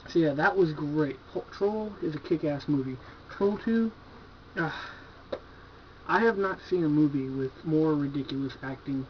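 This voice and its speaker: In a casual video review, a horror movie collector speaks a little slowly in a fairly high voice about what he's bought, rambling loosely through his shelf. He's laid-back, enthusiastic, cheerfully profane, and heavy on filler. The audio is dull and lo-fi, like an old home video, with a faint hiss.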